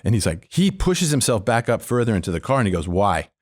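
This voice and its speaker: A middle-aged former cop, guesting on a podcast, tells an animated faith story, acting out the voices of those he quotes. His voice is medium-pitched and quick-paced, in a dry, studio-quality recording.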